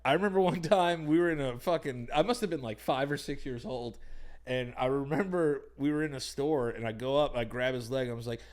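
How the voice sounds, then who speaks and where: A man's voice: mid-range voice, brisk. A man co-hosting a podcast, telling loose, profane stories in casual chat and quoting people in funny voices. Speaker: podcast co-host.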